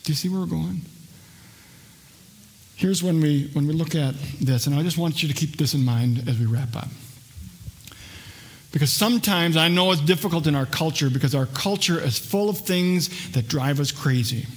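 A male pastor preaching a sermon, earnest, swinging between raised intensity and a hushed, soft delivery. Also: fairly high pitch, moderate pace. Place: church sanctuary.

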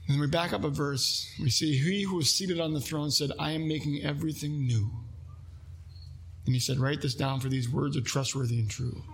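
Pastor, man, preaching in earnest; slightly higher, husky voice. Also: fairly even intonation, moderate pace. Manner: earnest preaching, reads scripture aloud, asks listeners questions. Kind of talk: sermon.

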